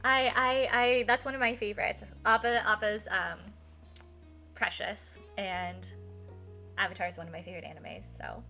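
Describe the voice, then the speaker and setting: A woman's voice: mid-range voice, fairly even intonation, normal speed, pushed and bright, faint music behind. A young woman streaming a game live, gushing with thanks to her chat and talking in a chatty way full of fillers. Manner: gushing, emotional, many thank-yous.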